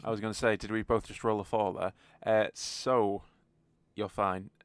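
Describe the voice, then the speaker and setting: A man running a tabletop game as game master, with relaxed fillers and chuckles. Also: lowish voice, normal speed, clean tone, no room sound.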